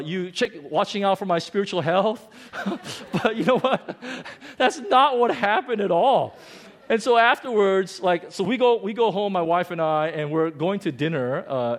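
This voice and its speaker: A pastor telling a story from his own ministry during a sermon, animated and self-deprecating, often restarting his sentences. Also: high voice.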